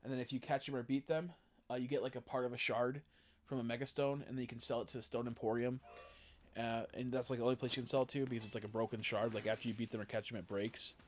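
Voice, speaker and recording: A man's voice: mid-range voice, steady tone, quick pace, slight background noise. A young man streaming a game, chatting casually in a rambling way, swearing freely and tossing in jokey asides. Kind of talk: casual gaming livestream chat.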